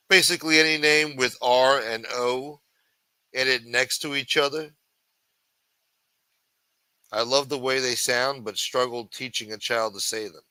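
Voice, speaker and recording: A man with a bright, forceful voice reads news stories aloud and tears into them with crude, mocking asides. His delivery is sarcastic and full of profanity. The sound is close and dry, with no room around it. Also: medium pitch, no room sound, rough recording. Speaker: livestream show host. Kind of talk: reading news articles aloud with commentary.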